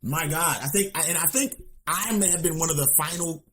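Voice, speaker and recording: A man co-hosting a podcast, telling stories in casual chat with quick interjections. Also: a little high, slight background noise. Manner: expressive, quick agreeing interjections, storytelling. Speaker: podcast co-host.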